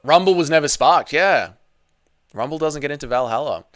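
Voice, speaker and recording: A man's voice: fairly high pitch, expressive, moderate pace, fairly bright tone. An Australian man in his thirties hosting a casual livestream watch-along, bantering with chat in a profane, joking way. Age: 30s. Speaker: livestream host. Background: faint background music.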